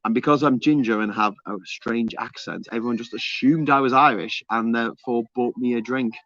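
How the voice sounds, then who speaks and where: A man's voice: medium pitch, fairly quick, fairly bright tone, dry recording, lo-fi sound. A man co-hosting a casual livestream, rambling through stories with plenty of restarts and offhand swearing. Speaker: livestream co-host. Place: home on an island.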